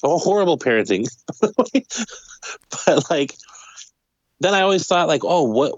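A man's voice: fairly low pitch, dry recording, highs cut off. A man co-hosting a podcast in casual chat, laughing often and chiming in. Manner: laughs often, chimes in with short replies. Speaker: podcast co-host.

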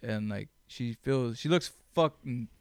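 A man hosting his own podcast, telling stories in a blunt, animated way with plenty of swearing. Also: mid-range voice, a little slow, clean tone, dry recording, clean studio sound. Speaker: podcast host. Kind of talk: casual chat.

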